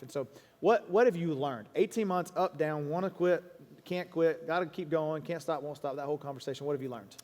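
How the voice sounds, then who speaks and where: A man speaking as a pastor to a congregation in a church auditorium. He is earnest, with quick restarts and quoted asides. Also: on the high side, a little mellow. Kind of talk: stage conversation to a congregation. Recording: long hall reverb.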